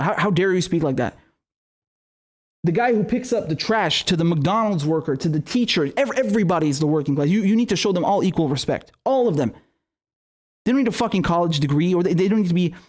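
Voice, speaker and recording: A man's voice: high voice, darkish tone. A man hosting a live-streamed political commentary show, ranting in a heated, profane way.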